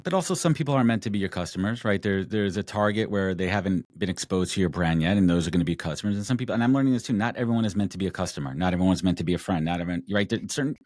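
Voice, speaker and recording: A man's voice: deep voice, expressive, rapid-fire, few pauses, a little mellow, dry recording, studio quality. A man hosting a podcast, interviewing his guest in a chatty, self-deprecating way. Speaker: podcast host. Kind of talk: conversational interview.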